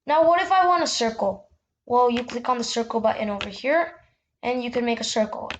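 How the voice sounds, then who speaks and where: A chatty woman with a slightly high voice talks through a software tutorial in a loose, unscripted way, leaning on "yeah" and small restarts. A faint hiss sits under the computer mic. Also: a little fast. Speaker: tutorial host. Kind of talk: casual screen-recorded tutorial.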